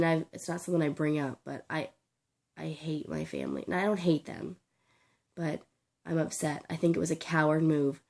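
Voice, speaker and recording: A young woman with a sore throat talking in a personal vlog, halting, tearful and full of restarts. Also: low voice, darkish tone. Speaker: vlogger.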